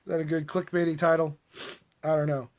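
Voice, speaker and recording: A man's voice: a little high, level tone, a little fast, a little mellow. A man giving casual movie commentary to camera, chatty and mildly sarcastic, often restarting mid-sentence. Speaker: movie vlogger. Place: at a table at home.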